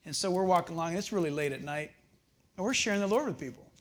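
An older man delivers a sermon in a high voice. He tells stories in an animated way and adds chuckling asides. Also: racing. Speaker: pastor.

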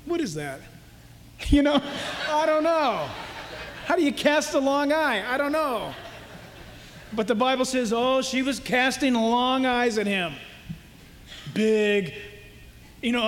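A pastor delivers a sermon in an unhurried, lively way, playing out the voices in his stories. His voice sits very high for a man. The sound carries a long hall reverb. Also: slight background noise. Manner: animated, acts out voices for stories.

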